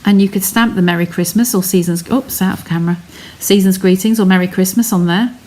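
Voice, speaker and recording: A woman's voice: mid-range voice, fairly even intonation, fairly quick, dark tone, slight background noise. A woman hosting a live craft stream from her home studio, explaining each step in a chatty way and talking to her viewers.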